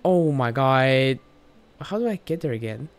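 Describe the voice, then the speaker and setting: Excitable giggly woman streamer. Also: extremely low pitch, unhurried, faint music behind. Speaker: game streamer. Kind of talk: casual gameplay commentary.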